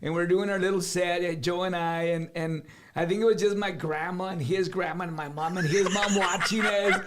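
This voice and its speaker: Middle-aged singer, high voice, animated storyteller who slips into Spanish. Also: male voice, a little fast, slight background noise. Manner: animated, switches between English and Spanish, acts out other people's lines. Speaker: singer, guest. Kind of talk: casual storytelling.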